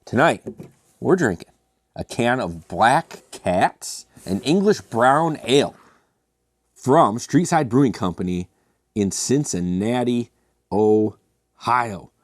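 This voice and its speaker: A man's voice: medium pitch, lively intonation, slow, long pauses, no echo. A man hosting a casual beer review, chatty and self-mocking with rambling asides.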